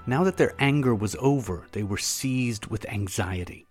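Low-voiced man narrating an audiobook. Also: normal speed, hardly any pauses, a little mellow, faint music behind. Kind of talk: audiobook narration of a classic novel.

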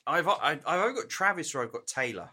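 A man's voice: fairly high pitch, animated, quick pace, sharp tone, husky. A man co-hosting a drunken chat podcast, joking, swearing and giggling. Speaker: podcast co-host. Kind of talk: drunken casual banter.

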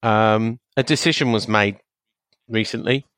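A man co-hosting a casual podcast, explaining his view in a measured way with frequent restarts. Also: on the low side, fairly bright tone, clear, resonant tone, no room sound. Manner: measured, hesitant, many restarts and fillers. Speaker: podcast co-host. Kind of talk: casual chat.

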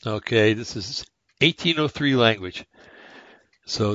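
An older man hosting a radio show, with a raspy, haggard voice, talking casually and reading aloud slowly, with many pauses and fillers. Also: medium pitch, fairly bright tone, no echo, highs cut off. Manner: slow, halting, many fillers and restarts.

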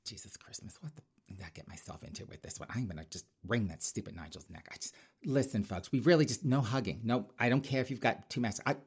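A man's voice: medium pitch, animated, quick pace, breathy edge. A man doing a fussy, catty clipboard official. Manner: fussy, catty, muttering whispered asides.

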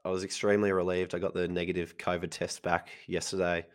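A man with a husky voice, chatting casually as a podcast co-host and laughing often. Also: low-pitched, little pitch movement, fast. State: husky voice from illness.

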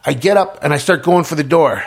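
A man's voice: fairly high pitch, expressive, a little fast. A middle-aged man telling his story in a casual interview, stumbling over repeated words and restarts. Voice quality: gravelly, husky, many repeated words and restarts.

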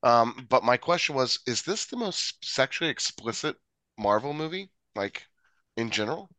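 A man chatting on a podcast with a bright, forceful voice, and his pitch moves around a lot. He laughs often and reads from his notes. The sound is close and dry. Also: sing-song, moderate pace, dry recording. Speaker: podcast co-host. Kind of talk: casual chat.

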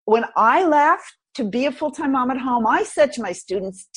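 A woman guest on a podcast, telling a personal story in an animated, expressive way. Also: high-pitched, moderate pace, few pauses, breathy edge.

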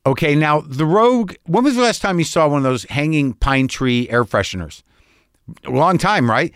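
The older man hosting this podcast has a fairly high, expressive, fairly bright voice and a moderate pace. His rambling story carries wry exasperation as he plays both parties in the conversation, captured in clean, echo-free studio sound.

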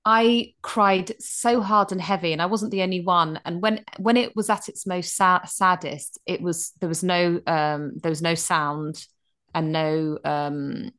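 A woman in her thirties co-hosting a casual radio chat, reviewing a film with animated, restart-filled storytelling. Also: fairly low pitch, a little slow. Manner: chatty, animated, many restarts. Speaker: radio co-host.

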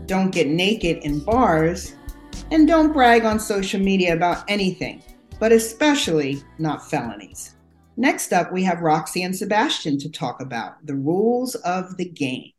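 A woman hosting a podcast, delivering a scripted narration in a lively, playful way. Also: fairly low pitch, moderate pace, reverberant, faint music behind.

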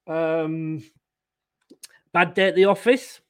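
Bloke with a high voice, ranting about his team on a live stream, fed up and sarcastic. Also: fairly even intonation, slow, clear, resonant tone. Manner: exasperated, sarcastic, reads out viewer comments. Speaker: host of a football fan live stream.

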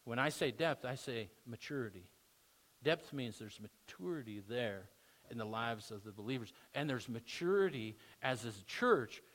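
Male pastor, mid pitch, chatty sermon delivery with rising emphatic peaks. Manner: conversational, builds to emphatic bursts.

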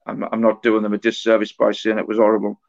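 Halting man, flat voice, dull recording. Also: lowish voice, creaky. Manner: halting, often repeats words and restarts. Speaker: author guest. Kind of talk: conversational storytelling interview.

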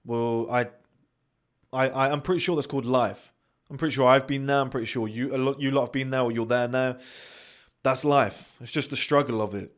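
A man's voice: medium pitch, steady tone, a little fast. Blunt, swearing British man. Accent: British English. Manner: blunt and profane, acts out quoted voices. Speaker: podcast host. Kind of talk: motivational monologue.

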